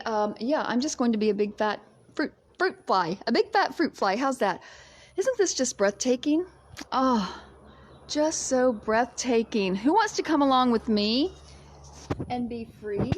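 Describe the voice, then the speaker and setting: A woman live-streaming a casual chat to her viewers from her home, bubbly and exclamatory, often breaking into giggles. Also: mid-range voice. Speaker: livestream vlogger. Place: at home in Fiji.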